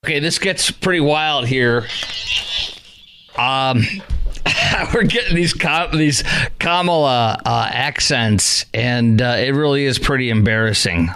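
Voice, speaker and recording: A man's voice: medium pitch, slow pace, fairly bright tone, a little hiss or hum. A man hosting a talk radio show, delivering a sarcastic, mocking monologue in a conversational way. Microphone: studio microphone.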